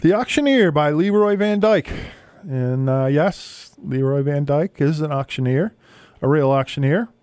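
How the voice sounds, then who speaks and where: A man hosting a radio show, casually introducing songs with frequent hesitant pauses. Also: on the high side, lively intonation, darkish tone, clear, resonant tone, no room sound. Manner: hesitant, many filler pauses. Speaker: radio host.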